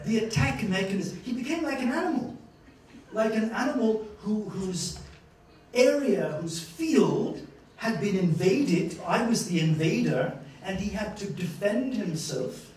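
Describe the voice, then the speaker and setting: Animated man lecturing in an echoey hall. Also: high voice, unhurried, slight background noise. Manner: animated storyteller, acts out scenes, laughs often. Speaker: lecturer giving a master class. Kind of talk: lively master-class lecture. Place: university lecture room. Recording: echoey hall, distant mic.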